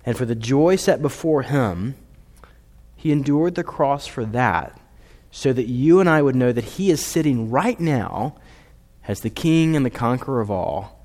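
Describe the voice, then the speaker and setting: Male pastor, mid-pitched, earnest sermon delivery with soft drops, long hall reverb. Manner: earnest, building to emphatic peaks then dropping soft.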